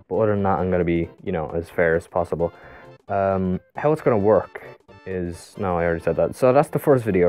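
A man's voice: lowish voice, a little mellow. A young Irish man vlogging in casual, rambling chat, swearing constantly and using lots of slang.

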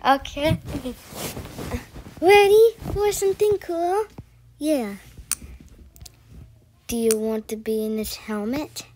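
High, giggly woman hosting a reaction video. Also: takes it slowly, long pauses, darkish tone, a little hiss or hum. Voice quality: giggly, silly, chatty. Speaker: video host reacting to a lesson. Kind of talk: playful reaction chatter. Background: music.

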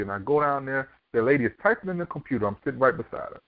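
A man's voice: mid-range voice, lively intonation, racing, dry recording. A man from Miami, Florida, a podcast guest telling his life story and acting out the voices of people in it. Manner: vivid storyteller who acts out quoted dialogue. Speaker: podcast guest, author and speaker. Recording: dry, tinny phone-like line.

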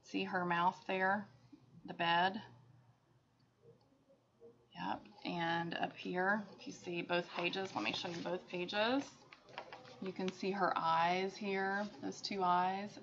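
A woman teacher reading a picture book aloud to children, expressive, with chatty asides. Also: fairly low pitch, takes it slowly, a little hiss or hum. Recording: dull lo-fi sound.

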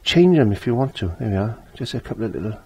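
An older man teaches a relaxed painting lesson in a low, husky voice at a quick pace. He chats freely and keeps returning to his own phrases as he walks through each step.

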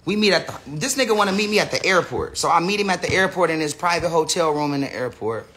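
A man's voice: on the high side, animated, fast, a bit bright. An American man ranting on a casual phone livestream, rambling with lots of slang, profanity and restarts. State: says he is high. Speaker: live streamer. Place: indoor room with a big screen.

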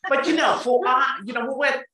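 A woman with a Russian accent and Russian as her first language, moderating an interview in a halting, emphatic way with many fillers. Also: high voice, a crowd in the background, poor audio. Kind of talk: conversational interview.

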